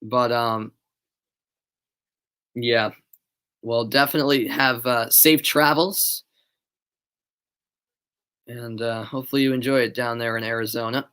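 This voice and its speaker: A bright, forward-toned young man in his late teens, with a light Boston accent, calls a soccer match live for his online stream. He switches between lively play-by-play of the action and loose, hesitant chat with viewers, full of ums and friendly asides. His pitch sits mid-range for a man. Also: unhurried, pauses often, clear, resonant tone. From Boston area, USA. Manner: chatty, answers viewers' chat between plays; animated calling of play, relaxed and hesitant in chat. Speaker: amateur play-by-play commentator.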